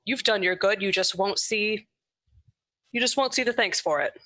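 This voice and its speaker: A player doing a blunt, bright-voiced adventurer woman. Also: medium pitch, moderate pace, no room sound, lightly acted. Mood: encouraging. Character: blunt, bloodthirsty female adventurer.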